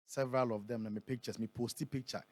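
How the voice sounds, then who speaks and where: A Ghanaian man who is a prophet, speaking in a radio interview and reading scripture aloud, slowing down and building on the key words. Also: mid-range voice, fairly even intonation, darkish tone, no room sound. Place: radio studio.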